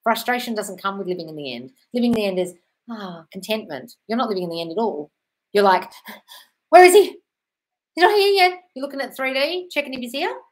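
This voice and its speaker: A woman's voice: medium pitch, big pitch swings, quick pace. A woman answering chat questions on a casual live stream, blunt and sweary, calling viewers darling.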